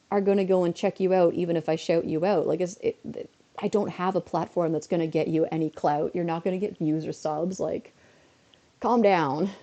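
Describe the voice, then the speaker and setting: Gravelly, mellow-voiced woman streamer chatting. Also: lowish voice, muffled recording. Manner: chatty, ranting, exasperated asides. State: a bit unwell. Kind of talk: casual live-stream chat while gaming. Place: at home.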